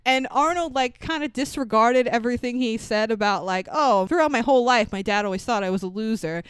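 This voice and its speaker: A woman's voice: on the high side, expressive, a little fast, smooth, no echo. A woman co-hosting a podcast, recapping a movie in casual, sweary chat and laughing as she acts out lines. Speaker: podcast co-host.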